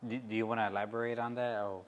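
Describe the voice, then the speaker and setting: A man's voice: lowish voice, flat delivery, racing. A man hosting an interview, asking short, hesitant questions. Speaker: interview host.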